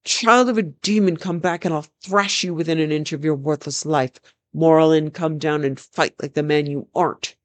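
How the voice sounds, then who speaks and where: A storyteller voicing a furious, crude older king in a read-aloud fantasy tale, shouting threats. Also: medium pitch, steady tone, moderate pace, no room sound, natural voice.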